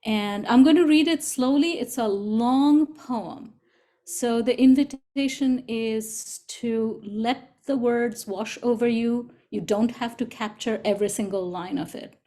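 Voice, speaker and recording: Woman, slow poetry reading, gentle and deliberate, slightly high voice, video call. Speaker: co-facilitator.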